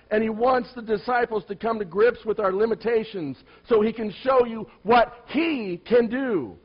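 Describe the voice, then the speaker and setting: A man preaching a sermon, firing rhetorical questions at the congregation and swinging between loud emphatic lines and quiet low asides. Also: slightly rough. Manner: asks the listeners many rhetorical questions. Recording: dull lo-fi recording.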